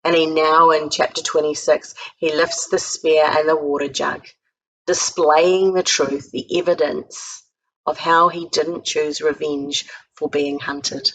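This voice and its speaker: A woman with a New Zealand accent giving a sermon as a guest speaker, retelling a Bible story in a lively way and acting out the quoted lines with a raised voice. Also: low-pitched, a little slow, slight background noise, low-quality recording. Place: home recording for an online church service.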